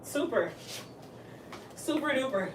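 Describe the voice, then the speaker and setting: A woman with a high voice speaks slowly while telling a casual story, acting out the people's lines with animation and plenty of laughter. She's a hairstylist who runs a salon. The distant, off-mic recording sounds roomy and carries a faint hiss.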